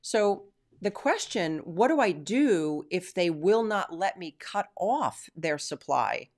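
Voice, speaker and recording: A woman hosting a Christian teaching stream, praying and then answering viewer questions in an earnest, emphatic way with drawn-out stresses. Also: lowish voice, very animated, darkish tone. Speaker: Christian teacher and show host.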